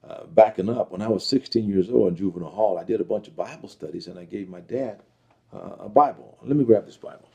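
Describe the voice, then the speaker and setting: A middle-aged man telling his life story as an interview guest, earnest and reflective, halting with fillers. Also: on the low side, vocal fry, dark tone, breathy edge. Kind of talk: personal testimony interview.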